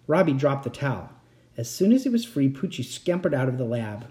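A man's voice: medium pitch, sing-song, a little fast, warm tone. Man reading a children's story aloud. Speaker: audiobook reader. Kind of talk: scripted narration.

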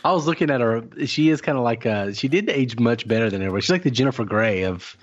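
A man joining a podcast as a guest, chiming in with relaxed remarks. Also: medium pitch, quick pace, muffled recording. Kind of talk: casual podcast chat.

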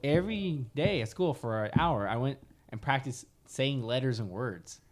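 A young man in casual podcast banter, loud and defensive, swearing back at his friends. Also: mid-range voice, lively intonation, moderate pace.

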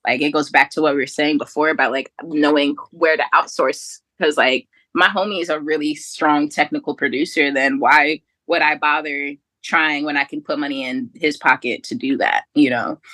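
A woman guest on a casual podcast, talking in a relaxed way, full of fillers and casual swearing. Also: low-pitched, normal speed, few pauses, no room sound. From North Jersey.

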